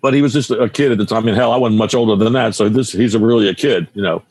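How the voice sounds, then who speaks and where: A man's voice: lowish voice, rapid-fire, darkish tone, dry recording. A man in his sixties, a guitar teacher and radio broadcaster, telling stories in a casual interview, rambling and often restarting his sentences.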